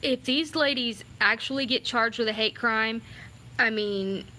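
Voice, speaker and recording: A woman giving excited, chatty commentary on a live stream, talking straight to her viewers. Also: on the high side, a little slow. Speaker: vlogger.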